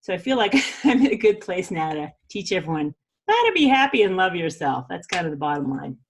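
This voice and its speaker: A woman's voice: on the low side, very animated, a little fast. A woman hosting a podcast, giving a casual, chatty spiritual talk with frequent laughs and fillers. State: a little weepy. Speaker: podcast host.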